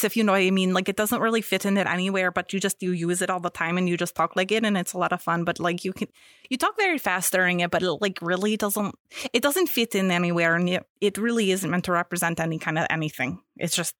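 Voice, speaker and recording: A woman's voice: on the low side, quick pace, a bit bright, no echo. Chatty young woman, dry close sound. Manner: chatty, lots of fillers and restarts. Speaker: podcast co-host. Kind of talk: casual chat.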